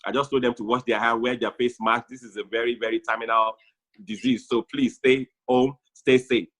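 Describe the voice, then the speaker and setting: Bright male comedian. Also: mid-range voice, little pitch movement, fairly quick. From Nigeria. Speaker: comedian guest. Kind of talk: comedic chat.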